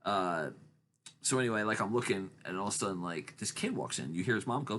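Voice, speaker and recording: A man telling long rambling stories in casual chat, acting out other people's lines in high voices. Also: sing-song, fast, a bit bright, a little hiss or hum. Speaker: podcast host.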